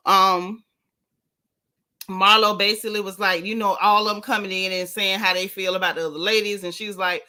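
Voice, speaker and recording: On a casual live stream, a woman with a mid-range voice talks at normal speed, thanking viewers and dishing on a reality show. As a recap host, her gossip is animated, sassy, and blunt.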